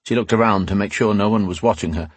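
A man reading a fantasy audiobook aloud in steady, scripted narration. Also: fairly low pitch, fast talker, breathy edge, no echo.

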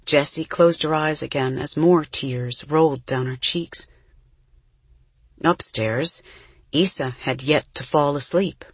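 An audiobook narrator reading a children's novel in a gentle, measured storytelling voice with a husky tone. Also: mid-range voice, no echo.

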